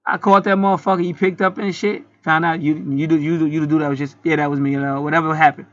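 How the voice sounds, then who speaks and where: A man's voice: a little high, steady tone, quick pace, muffled recording. A man ranting in an indignant, profanity-heavy commentary vlog as channel host.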